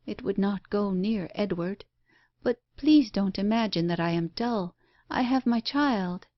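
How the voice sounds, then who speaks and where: A woman's voice: mid-range voice, unhurried, dry recording, lo-fi sound, natural voice. A woman voicing a pale, listless, melancholy young wife and mother who speaks plaintively. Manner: plaintive and subdued.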